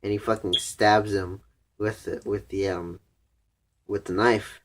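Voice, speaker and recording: A man's voice: lowish voice, little pitch movement, a little slow, background noise. Casual, cursing young man recapping anime. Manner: rambling, profane, heavy use of "like". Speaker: anime reviewer.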